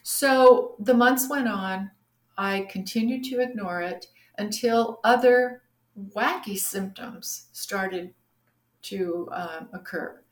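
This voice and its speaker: A middle-aged woman telling her personal story in a casual interview, animated and acting out the voices of people she quotes. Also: mid-range voice, slow. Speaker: guest sharing her story. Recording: roomy echo.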